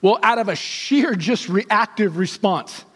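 A male pastor telling a story in a sermon, animated and acting out the characters' voices. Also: high voice, a little slow. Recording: long hall reverb.

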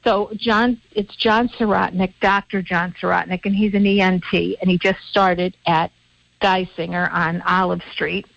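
A woman's voice: lowish voice, fairly even intonation, a little slow, vocal fry, a bit bright, no room sound. A woman co-hosting a local radio talk show, telling a rambling story with many restarts. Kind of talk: casual radio chat. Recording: dry, dull-sounding radio studio audio.

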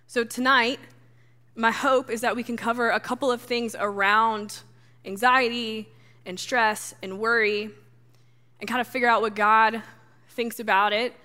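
Young woman speaker, sermon from a stage, bright and fairly high voice, sarcastic conversational wit. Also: little pitch movement, unhurried. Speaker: speaker at a church gathering. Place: stage before a live audience.

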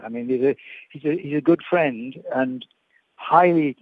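Older man, halting, on a tinny phone line. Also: medium pitch, dry recording. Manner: hesitant, many repeated words and restarts. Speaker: guest, veteran sports broadcaster. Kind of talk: phone-in reminiscence.

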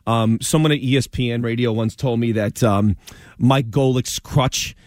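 A man's voice: medium pitch, fairly even intonation, normal speed, no echo, clean studio sound. A man co-hosting sports talk radio, opinionated and emphatic, often stammering as he restarts sentences.

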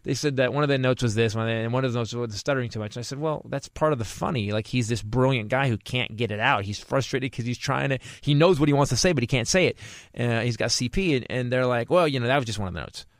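Man, stand-up comic, fast talker, profane, casual podcast storytelling, dry close mic. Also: medium pitch, no room sound. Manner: fast, profane, animated storytelling with quick restarts. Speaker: stand-up comedian, guest.

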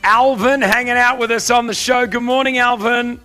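High-voiced teasing radio host, man. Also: steady tone, pushed and bright, faint music behind. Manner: teasing, playful and brisk. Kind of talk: live morning radio banter and quiz hosting. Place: hotel venue for a live broadcast.

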